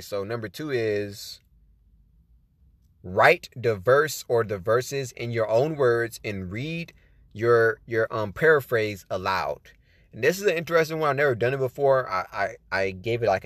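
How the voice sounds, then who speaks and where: A man's voice: fairly low pitch, moderate pace, no room sound. A man hosting a podcast, talking casually about Bible study and often saying "you know what I'm saying.". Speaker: podcast host. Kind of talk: casual faith talk, reading tips.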